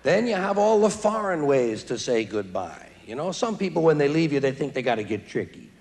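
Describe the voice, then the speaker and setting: A man in his forties performing stand-up comedy in a large theater, with a wry, sardonic delivery and quick mock voices. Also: fairly high pitch, big pitch swings, a little mellow. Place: large theater stage before a live audience. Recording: live theater recording with audience noise.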